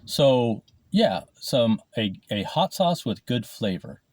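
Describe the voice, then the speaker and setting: A man rambles and swears freely while vlogging over lunch, his voice mid-range, very animated, slow and darkish. He's recorded on the camera mic because he isn't wearing his clip-on mic, and there's no room sound.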